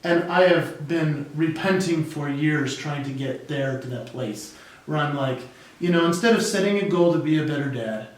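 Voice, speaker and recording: A man with a high, lively voice tells a personal story and slips into the voices of the people in it. He sounds middle-aged and speaks as a practiced keynote speaker. The sound is roomy and echoing, and he sits back from the mic. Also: moderate pace, far from the mic. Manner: lively and expressive, acting out the people in his stories. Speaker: guest, keynote speaker and comedian. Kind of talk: animated storytelling in a podcast interview. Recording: echoey room, voice away from the mic.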